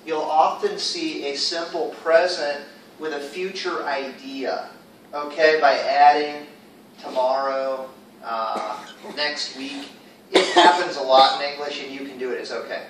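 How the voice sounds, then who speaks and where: A man's voice: on the high side, a bit bright, a little hiss or hum. Fields: Sex: man. Role: English teacher. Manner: casual, upbeat. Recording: echoey classroom, distant mic. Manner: casual, upbeat, quizzing students. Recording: echoey room, far from mic.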